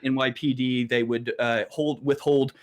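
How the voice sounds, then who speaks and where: Halting mid-pitched male guest. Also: steady tone. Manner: halting, many restarts and fillers. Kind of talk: casual political talk.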